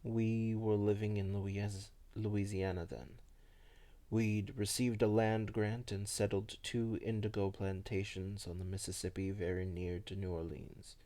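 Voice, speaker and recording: A man voicing a melancholy old vampire who recalls his past slowly and softly. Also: fairly low pitch, little pitch movement, natural voice. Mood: wistful. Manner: slow, soft, hushed storytelling.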